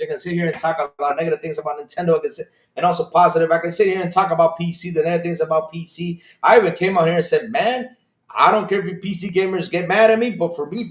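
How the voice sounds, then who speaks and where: A man hosting a casual opinionated livestream, excitable and animated, swearing freely and jumping up in pitch when worked up. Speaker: podcast host streaming to chat. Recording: echoey room.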